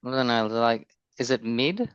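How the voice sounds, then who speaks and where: Smooth-voiced man guessing and joking. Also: medium pitch, animated, dry recording. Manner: chatty, quick guesses, laughs often. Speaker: podcast co-host. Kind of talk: casual chat. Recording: dull, dry lo-fi sound.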